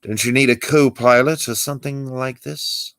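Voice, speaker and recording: A man voicing a dry-witted exiled Jedi master with a sardonic, lively delivery. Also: mid-range voice, moderate pace, no room sound, pitched above the performer's own voice, natural voice. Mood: wry. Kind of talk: amateur script read-through.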